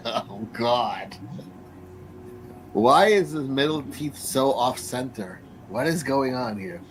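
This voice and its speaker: A man's voice: medium pitch, lively intonation, very slow, long pauses, a little hiss or hum, rough recording. A man streaming live reaction commentary, swearing and mocking the people on screen in a combative way.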